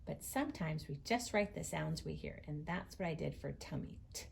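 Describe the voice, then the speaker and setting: A woman teacher giving a writing lesson to young children, slowly stretching out the sounds of words as she writes. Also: deep voice, expressive, gravelly, slight background noise.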